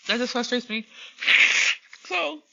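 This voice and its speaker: A woman's voice: a little high, lively intonation, slow, creaky, dull audio, heavy background noise. A woman talking candidly to her livestream viewers, rambling and emotionally raw. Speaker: livestream host. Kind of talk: unscripted livestream talk.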